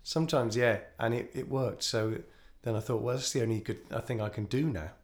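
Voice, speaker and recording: A man's voice: medium pitch, brisk. A man, hosting a casual podcast chat from an empty shop, jokey and rambling. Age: 40s. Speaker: podcast host.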